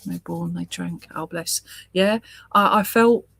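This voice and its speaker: A woman giving a live mediumship reading, speaking gently and reassuringly and often murmuring sympathy. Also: on the low side, a little slow, gravelly, husky, no echo. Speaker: spiritualist medium.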